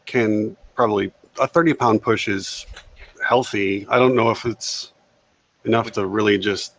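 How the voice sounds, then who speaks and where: A young man playing a tabletop game, halting and repeating himself as he works out the rules. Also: on the low side, fairly even intonation, a bit bright. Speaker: player. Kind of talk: casual tabletop game chat.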